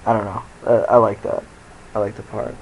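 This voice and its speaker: A man's voice: on the low side, little pitch movement, fairly quick, husky, poor audio. Rambling, profane young man telling stories. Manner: rambling, profane, laughs at his own jokes. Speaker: vlogger. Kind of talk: casual storytelling to camera. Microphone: phone.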